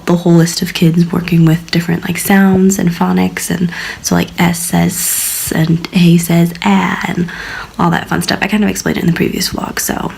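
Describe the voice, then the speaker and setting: A woman's voice: fairly low pitch, vocal fry, a little mellow, a little hiss or hum, poor audio. A young woman in her twenties chatting in a vlog about her teaching week, telling bubbly stories and sometimes dropping into a whisper. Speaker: vlogger, language assistant teacher. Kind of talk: casual vlog chat.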